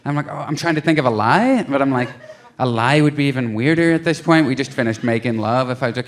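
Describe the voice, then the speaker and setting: A stand-up comedian telling a story on stage, acting out his own quotes with lively shifts in voice. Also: mid-range voice, fast talker. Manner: animated storytelling with acted-out quotes. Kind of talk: stand-up routine. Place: comedy club stage with a laughing audience.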